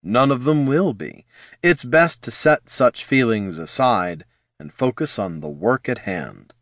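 Male narrator as an unbothered wizard, matter-of-fact, lively phrasing, dry sound. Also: medium pitch, measured pace, no echo. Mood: detached. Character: calm, detached male wizard.

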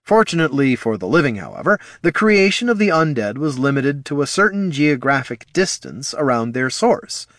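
A man narrating a fantasy audiobook in an expressive storytelling manner. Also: mid-range voice, no echo, clean studio sound.

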